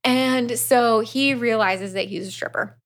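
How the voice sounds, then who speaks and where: A woman's voice: fairly high pitch, a little slow, a bit bright. A woman co-hosting a podcast, recapping a book in casual chat. She acts out the characters' lines and swears freely. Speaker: podcast co-host.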